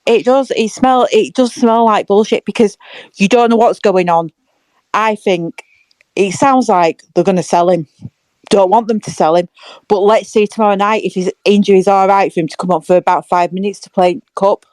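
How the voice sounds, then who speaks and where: Woman, giggly fan-podcast co-host, mid pitch, dry close recording. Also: normal speed, darkish tone, no room sound. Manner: giggly, chatty storyteller. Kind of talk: casual fan chat.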